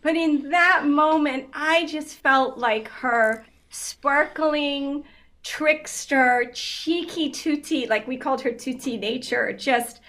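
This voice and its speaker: Woman, fifties, interview guest, high voice, animated storytelling, laughs a lot, chatty fillers. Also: slow. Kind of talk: casual interview chat.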